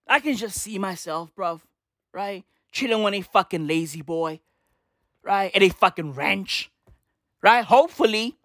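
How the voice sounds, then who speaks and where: A woman rants for laughs in a fairly high voice that swoops all over the place, stacking slang on swearing with emphatic insistence. The sound is dry and close, with no room around it. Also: fairly bright tone, no echo. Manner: slang-heavy, profane, emphatic. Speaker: comedic ranter. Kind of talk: comedic vlog rant.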